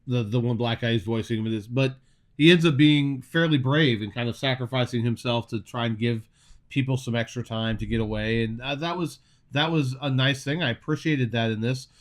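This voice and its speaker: A man's voice: mid-range voice, fairly quick. Rambling man in casual podcast chat. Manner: rambling, with frequent restarts and searching for names. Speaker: podcast co-host.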